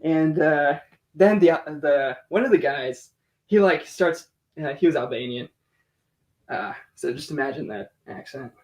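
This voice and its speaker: An American man with a high-pitched voice tells a rambling story in casual podcast chat. He is animated and breaks into laughter often, peppering his talk with fillers and swearing. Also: unhurried. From United States. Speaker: podcast guest.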